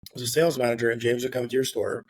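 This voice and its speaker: Middle-aged man, casual storyteller on a podcast; mid-pitched, rambling, filler-heavy, a bit of swearing, dry close sound. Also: flat delivery, rapid-fire, no room sound. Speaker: real estate agent guest.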